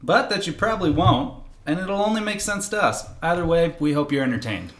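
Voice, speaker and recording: A man's voice: fairly high pitch, animated, fairly quick, fairly bright tone. Wry man in a roomy echo. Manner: teasing, wry, laughs at his partner. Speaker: podcast co-host. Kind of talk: casual chat.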